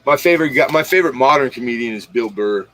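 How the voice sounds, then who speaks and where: A man's voice: medium pitch, lively intonation, fast, bright, forceful tone, no echo, rough recording. A man hosting a casual late-night livestream, rambling in slang and talking straight to his viewers. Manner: rambling, slangy, talks straight to viewers, retells comedy bits. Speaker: livestream host.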